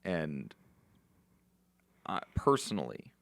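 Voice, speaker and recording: A man guesting on a podcast, giving reflective advice in a relaxed, meandering way with frequent restarts. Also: very deep voice, takes it slowly, vocal fry, no echo. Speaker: podcast guest, recovery mentor.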